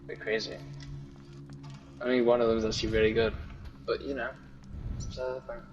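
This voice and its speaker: An Englishman with an English accent chats casually, hesitating and leaning on fillers in a relaxed way. The recording sounds dull and slightly lo-fi. Faint noise sits in the background. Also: mid-range voice, fairly quick. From United Kingdom. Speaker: guest. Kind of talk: casual chat.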